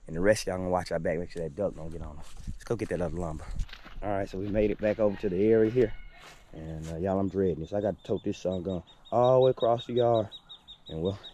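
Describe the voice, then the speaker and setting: A man's voice: fairly low pitch, mellow, slight background noise. A man vlogging outdoors as he works, folksy and talking straight to his viewers, often repeating his phrases. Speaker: homestead vlogger. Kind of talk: casual talk to camera while working. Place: outdoors in a yard.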